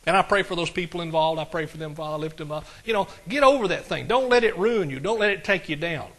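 A man with a drawl delivers a sermon in a folksy, conversational way, often turning to his congregation with quick asides. His voice is bright and sits slightly high. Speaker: pastor.

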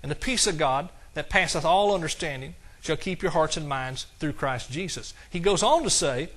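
A male preacher delivers a sermon with a slightly raised pitch. He talks in a folksy, conversational way and slows into a measured cadence whenever he quotes scripture. Now and then he chuckles at his own jokes. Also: expressive, fairly bright tone.

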